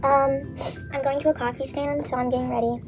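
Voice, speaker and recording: A woman's voice: high voice, level tone, brisk, music in the background. A young woman vlogger casually retelling a story from memory while getting ready, rambling, swearing a lot and saying "like" constantly.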